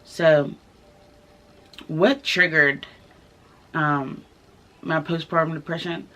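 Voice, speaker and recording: A young woman telling her own story to the camera in a casual vlog, candid and soft-spoken, pausing often with fillers. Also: sits low, fairly even intonation. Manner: candid, halting, many fillers. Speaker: vlogger. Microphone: camera mic, filming herself.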